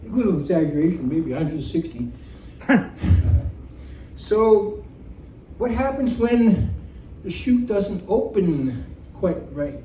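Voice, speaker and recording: Brief: man, high soft dark voice, live storyteller, roomy off-mic sound. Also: takes it slowly, pauses often, distant mic, slight background noise. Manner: animated, laughs through the telling. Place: community center room. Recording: roomy hall recording from off-mic.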